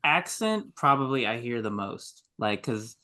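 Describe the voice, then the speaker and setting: Man, podcast co-host, mid-pitch voice, dry mock-formal humor, casual chat. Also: very animated, measured pace, pushed and bright, dry recording.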